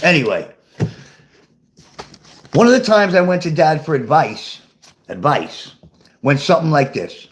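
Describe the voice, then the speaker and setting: Older man, memoir reader, salty and self-amused, slightly high, very animated pitch. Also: measured pace, long pauses. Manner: profane, laughs at his own stories. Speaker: author reading his memoir. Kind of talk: reading his memoir aloud and chatting with viewers.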